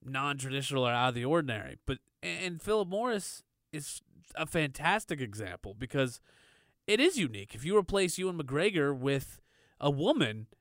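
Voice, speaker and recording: Male podcast co-host, clear resonant tone, dry close sound, laid-back rambling. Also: fairly high pitch, normal speed, no room sound. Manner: relaxed, loose, filler-heavy. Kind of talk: casual movie chat.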